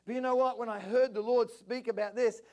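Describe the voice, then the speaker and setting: High-pitched preaching man. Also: fairly even intonation, fairly quick, highs cut off. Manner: impassioned preaching, rising to near-shouts. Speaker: pastor. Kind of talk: sermon. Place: church service.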